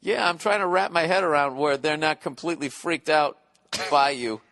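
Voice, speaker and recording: A man's voice: fairly high pitch, moderate pace, a bit bright, no echo. A man hosting a podcast in casual chat, skeptical and teasing, and he swears freely. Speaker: podcast host.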